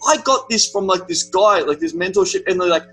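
A young Australian man in casual chat, telling an animated story with lots of swearing. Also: high voice, a little fast, soft background music, rough recording. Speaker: podcast guest.

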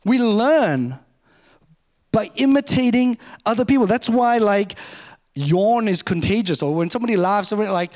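A middle-aged man, a pastor, giving a sermon in a conversational, self-mocking way, speeding up and slowing down often. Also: high-pitched, expressive, darkish tone. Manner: conversational, self-mocking, varies pace a lot.

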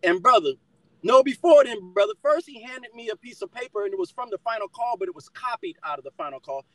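A man's voice: sits high, animated, fast talker, a bit bright, dry recording, rough recording. A middle-aged man telling a personal testimony in conversation, fired up and calling the listener brother again and again.

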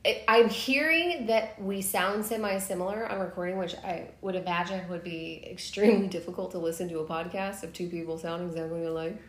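A woman's voice: on the low side, fairly quick, hardly any pauses, reverberant. A woman co-hosting a podcast in a playful, giggly, rambling casual chat. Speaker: podcast co-host.

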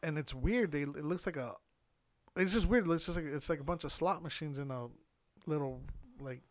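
A man's voice: fairly high pitch, brisk. A young man telling a long story in a casual chat, rambling and swearing with lots of fillers and laughs. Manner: rambling, profane, filler-heavy, laughs often. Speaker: podcast co-host telling a story.

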